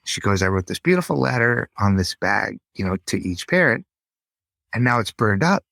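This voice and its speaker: A middle-aged man, a podcast guest, telling a personal story in an earnest, halting way with frequent restarts. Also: lowish voice, expressive, vocal fry, fairly bright tone, dry recording.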